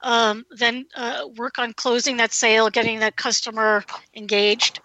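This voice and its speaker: A woman's voice: a little high, flat delivery, a little slow, sharp tone, highs cut off, a little hiss or hum. A woman hosting an interview, summing up her guest's points and asking follow-up questions. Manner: summarizing, affirming questions. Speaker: interviewer, host.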